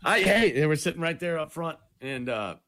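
A man's voice: on the high side, moderate pace. A man co-hosting a morning radio show over a phone line, telling laid-back stories in casual banter. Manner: storytelling, laid-back, animated. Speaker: radio co-host.

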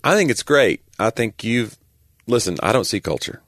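A man's voice: mid-range voice, big pitch swings, normal speed, a bit bright, dry recording. A man co-hosting a podcast, joking and reeling off sports stats in casual chat. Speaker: podcast co-host.

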